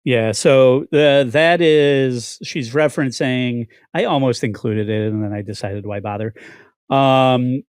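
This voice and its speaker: A man hosts a casual podcast, ranting in a profane, stop-start way. His voice sits at an ordinary pitch, and the recording is close and dry, with no room sound. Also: measured pace, few pauses, a little mellow, smooth, dry recording. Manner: profane, ranting, many restarts. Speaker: podcast host.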